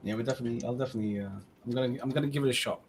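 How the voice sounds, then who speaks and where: A man's voice: medium pitch, slight background noise. A man hosting a model-building stream, talking in a casual, rambling way with frequent restarts. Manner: rambling, halting, many restarts. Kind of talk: casual chat.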